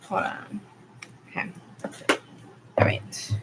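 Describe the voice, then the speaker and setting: A woman's voice: takes it slowly, noisy background. A woman from Arizona giving a rambling, chatty live-stream tarot reading, with frequent ums. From Arizona, USA. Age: adult with school-age kids. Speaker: tarot reader.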